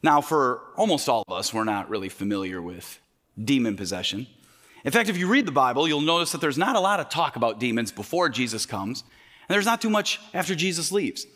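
A man preaching a sermon in a bright, forceful voice, a little higher than most men. He hammers his points home with emphatic repetition. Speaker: pastor.

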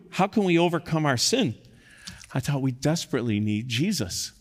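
A man's voice: on the high side, sing-song, normal speed. Impassioned preacher man in a reverberant hall. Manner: impassioned, rising to loud emphatic peaks. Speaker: pastor. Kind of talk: sermon.

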